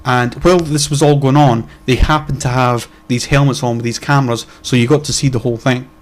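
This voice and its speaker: A man's voice: mid-range voice, fairly even intonation, a little fast. A young man co-hosting a casual podcast, talking bluntly and heatedly and swearing a lot. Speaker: podcast co-host.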